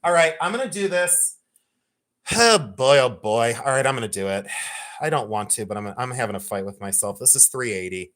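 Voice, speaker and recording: A man's voice: medium pitch, normal speed. A man hosting a live-streamed jewelry sale, chatting, joking and teasing his viewers as he talks. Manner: animated, joking, teasing, swearing. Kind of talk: live-stream sales chat.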